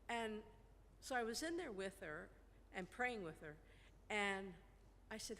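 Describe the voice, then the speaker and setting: A woman in a grief group telling a personal story, halting and searching for her words. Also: medium pitch, expressive, fairly bright tone, slight background noise. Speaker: group participant. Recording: reverberant hall with faint ambience.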